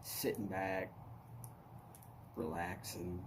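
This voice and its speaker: A man's voice: low voice, flat delivery, extremely slow, background noise. A man, casually chatting with viewers on his live stream, greeting them by name in an easy drawl. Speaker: livestream host. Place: outdoors at his house.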